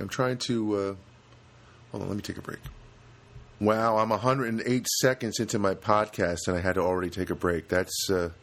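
A man with a lowish voice talks through a solo comedy podcast in a loose, rambling way. He stumbles, restarts and pokes fun at himself as he goes. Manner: rambling, self-deprecating, many restarts. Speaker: podcast host. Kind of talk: casual comedic monologue.

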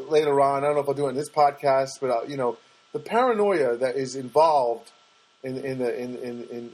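A man hosting his own podcast, telling a rambling, self-mocking story in a relaxed, casual way. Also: rough recording. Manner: rambling, self-mocking, mimics others in a high voice. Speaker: podcast host and stand-up comic. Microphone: podcast microphone.

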